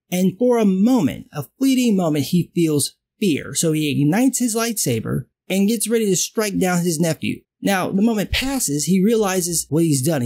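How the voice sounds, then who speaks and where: A man's voice: high-pitched, a little mellow, slightly rough. A man giving a profane, exasperated rant as a film reviewer.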